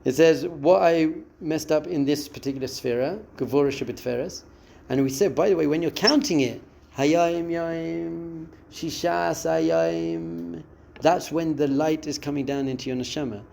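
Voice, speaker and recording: A rabbi teaching a class gives a spiritual lesson, expressively acting out the voices in a listener's head and quoting them. His voice sits on the high side, gravelly and unhurried, over a little hiss or hum.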